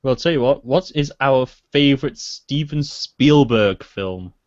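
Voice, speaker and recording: A man on a casual livestream gives short, deadpan remarks in an ordinary middle pitch. His mic sounds close and dry, with no room at all. The audio is dull and lo-fi. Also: unhurried, no echo. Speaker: livestream guest.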